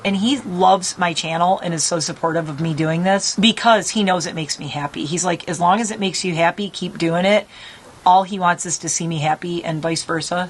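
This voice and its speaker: A middle-aged woman vlogging casually from her rural home, talking in a rambling, animated way. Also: lowish voice, brisk, low-quality recording. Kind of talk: casual chat. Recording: faint background noise.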